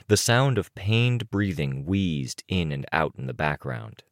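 A man narrating a novel as an audiobook in a deep, low voice. His reading is measured but animated, with lots of rise and fall. The recording is dry and close. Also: no room sound.

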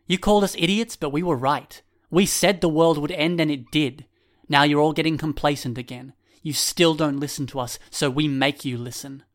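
An angry, accusing teenage boy with glasses, as a male narrator voices him. His voice sits higher than an adult man's and comes out loud and cutting, like he's done being ignored. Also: little pitch movement, normal speed, clean tone, close to an everyday voice. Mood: furious.

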